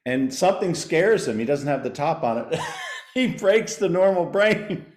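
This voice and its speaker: Middle-aged male co-host, mid-pitched, quick to laugh, enthusiastic, recorded in an echoey room. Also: lively intonation. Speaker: podcast co-host. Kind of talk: casual chat. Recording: roomy echo.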